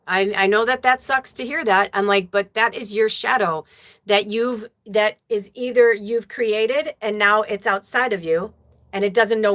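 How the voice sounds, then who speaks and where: Woman medium on a livestream, swears a lot, gets teary telling stories, mid-pitched voice. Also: fairly bright tone. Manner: emotional, profane storytelling; reads viewer comments aloud. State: tearful at times. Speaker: spiritual medium, livestream host. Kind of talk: casual livestream chat.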